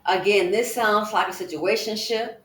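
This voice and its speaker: A woman delivers reaction commentary in an emphatic, indignant tone. She often asks rhetorical questions. Her mid-pitched voice rings in a roomy echo. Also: moderate pace, a bit bright. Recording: echoey room.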